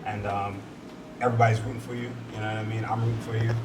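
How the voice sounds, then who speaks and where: A man's voice: lowish voice, flat delivery, racing, noisy background. Laid-back male host, distant mic. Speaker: podcast host. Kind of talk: casual chat. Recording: distant mic with chatter behind.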